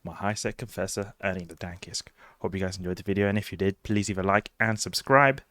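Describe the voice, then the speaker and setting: A man's voice: deep voice, fairly even intonation, quick pace, fairly bright tone, no echo, clean studio sound. A man giving chatty, enthusiastic gameplay commentary and talking straight to his viewers. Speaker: gaming video host.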